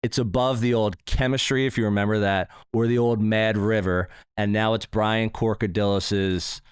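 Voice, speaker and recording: A man's voice: on the low side, steady tone, moderate pace, clear, resonant tone, dry recording, studio quality. A man co-hosting a podcast in casual chat, sarcastic and laughing often. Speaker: podcast co-host. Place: podcast studio.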